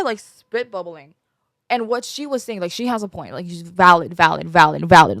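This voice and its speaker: A woman's voice: lowish voice, animated, moderate pace, a bit bright, dry recording, studio quality. A woman in her twenties hosting a podcast, talking candidly and emotionally about her own life in a rambling way with many fillers. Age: 20s. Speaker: podcast host. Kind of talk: candid personal chat.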